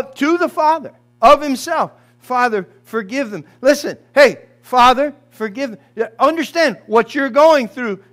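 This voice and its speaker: Lively preaching man with a high voice. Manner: preaching, calling on the congregation by name and shouting quoted cries. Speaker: pastor. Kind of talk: sermon. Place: church sanctuary.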